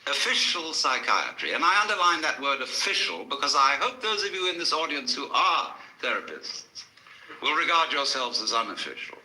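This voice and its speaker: A man's voice: a little high, big pitch swings, normal speed, pushed and bright, echoey room, a little hiss or hum, rough recording. A man giving a public lecture to a live audience, telling stories in a wry manner with dry asides.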